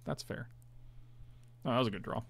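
A man casually commentating his own online card game, chatty and self-mocking, groaning at his bad draws. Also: normal speed.

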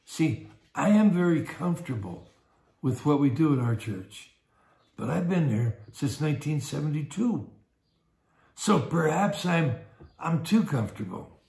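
Older man, pastor, fairly high voice, conversational teaching, repeats words, echoey room. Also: lively intonation, unhurried, creaky, a little mellow. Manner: conversational, repeats words, acts out little scenes. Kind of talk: Bible study teaching.

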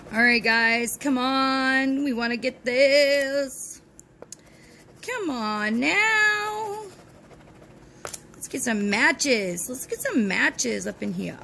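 A woman's voice: sits high, gravelly, a bit bright, slight background noise. A woman hosting a scratch-off lottery video from home, chatting cheerfully to her viewers and chanting encouragement as she scratches. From Texas. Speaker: host of a lottery scratch-off channel. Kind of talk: casual chat to viewers while scratching tickets. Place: at home, with dogs nearby.

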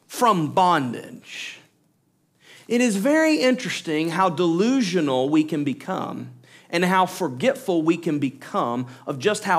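A male pastor with a high voice preaches through scripture verse by verse. He leans on repeated words for emphasis and turns to explain points plainly to his listeners. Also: a bit bright. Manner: explains points directly to the congregation. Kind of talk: verse-by-verse expository sermon.

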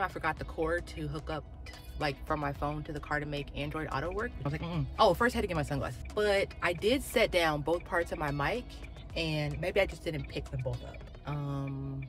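A woman's voice: low-pitched, brisk, fairly bright tone, soft background music. A young woman and dental hygiene student vlogging casually from her car into a phone mic, rambling and swearing freely. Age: young adult. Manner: chatty and rambling, ranting and swearing when angry. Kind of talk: casual vlog, talking while driving. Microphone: phone with plug-in mic.

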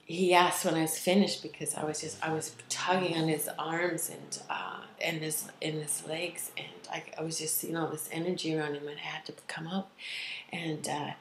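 A woman speaking as a spiritual healer in a casual vlog, earnest and rambling, often dropping into soft whispers. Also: low voice, flat delivery, normal speed, reverberant, slight background noise, poor audio.

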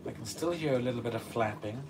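A man's voice: medium pitch, fast. A man hosting a casual livestream, reading out viewer comments and answering them beside a running washing machine. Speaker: livestream host. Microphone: distant mic. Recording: distant mic with steady background noise.

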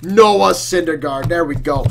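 A man doing a brash, loud card-break loudmouth. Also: a little high, measured pace, creaky, faint music behind. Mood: boisterous. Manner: loud, trash-talking, exclaiming. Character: brash excitable male card-collecting loudmouth. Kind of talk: card-break commentary in character.

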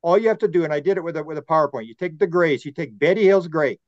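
A man talking as a podcast guest, rambling and animated as he tells stories and acts out quotes. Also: fairly high pitch, fast, no room sound, muffled recording. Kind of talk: podcast conversation.

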